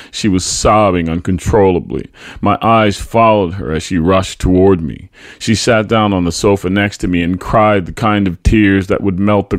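A man's voice: low voice, no room sound, clean studio sound. A man narrating a family memoir as a podcast host, telling it dramatically and acting out the quoted lines. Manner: dramatic storytelling, voices quoted speech loudly. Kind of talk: memoir reading.

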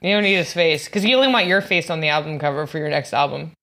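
A woman's voice: sits low, fast, fairly bright tone. A woman comedian, a guest on a podcast, chatting and laughing easily while she trades jokes. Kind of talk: casual comedy podcast chat.

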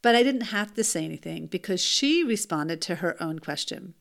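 Her fairly low, creaky voice moves at normal speed as a mother narrates a personal story, emphatic and animated, with rhetorical remarks thrown to the listener.

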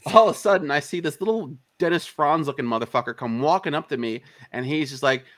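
This man has a fairly high voice and talks fast, barely pausing. Being interviewed as an indie filmmaker, he relates a long story in casual, foul-mouthed speech, animatedly acting out what others said.

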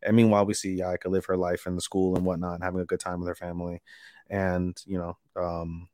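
Male podcast co-host, low voice, dry close sound, casual animated recap. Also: quick pace, no echo. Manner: animated retelling, acting out character lines. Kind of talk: casual anime podcast chat.

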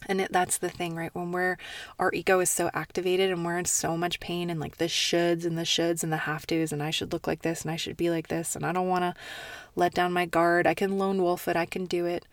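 A woman's voice: on the low side, level tone, fairly quick, no echo, distant mic. Earnest, confiding woman, set slightly back. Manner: soft, earnest and confiding, drops to near-whispers. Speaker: podcast host. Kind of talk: intimate personal monologue.

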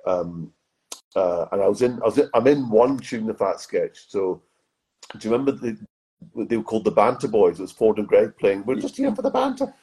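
A man's voice: on the low side, a little fast, mellow, husky, poor audio. A middle-aged man chatting as a podcast guest, telling rambling anecdotes full of restarts. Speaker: guest, comedy writer and actor. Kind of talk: casual podcast interview.

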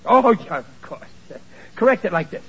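A blustering, ungrammatical working-class father, his voice high and swinging all over the place. He sounds flustered, and the recording is a muffled old 1940s radio broadcast. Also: big pitch swings, normal speed, fairly bright tone. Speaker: sitcom lead. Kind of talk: 1940s radio sitcom acting.

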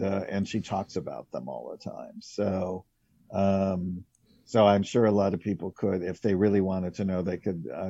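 Older male casting director, unhurried storyteller with a dark, low voice. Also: gravelly, breathy edge, no room sound. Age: 60s. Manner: rambling, anecdotal, many fillers. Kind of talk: casual interview storytelling. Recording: dull lo-fi, dry.

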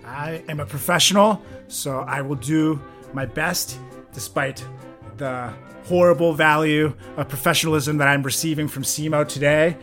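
Over soft background music, a man co-hosting a comedy podcast trades casual banter, joking with sarcasm and mock seriousness. His voice is a little high and a bit bright, with fairly even intonation at a normal speed.

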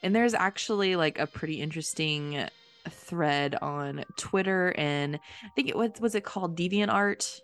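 A woman's voice: fairly low pitch, moderate pace, a bit bright, soft background music. A woman co-hosting a casual podcast, playful and giggly as she talks. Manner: playful, giggly, swooping intonation. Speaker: podcast co-host.

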